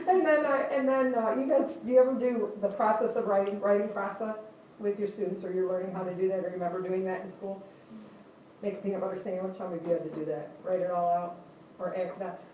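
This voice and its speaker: A woman's voice: mid-range voice, mellow, slight background noise. Older woman speaking in an echoey room. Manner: chatty, laughs often, asks the audience questions. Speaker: guest speaker. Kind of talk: classroom talk. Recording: echoey room, voice heard from a distance.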